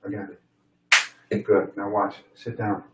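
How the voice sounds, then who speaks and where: A man's voice: fairly low pitch, completely flat delivery, slow, echoey room, recorded from a distance, lo-fi sound. A man who works as a fitness and boxing trainer, chatting casually and giving short, encouraging coaching commands. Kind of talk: casual chat, coaching moves.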